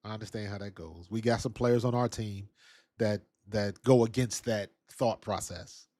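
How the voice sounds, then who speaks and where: A man's voice: fairly low pitch, moderate pace, mellow, dry recording, studio quality. A man hosting a casual live-stream about football, chatting loosely and answering viewers' comments from the chat. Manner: laid-back, conversational, reads and answers chat. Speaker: sports talk show host.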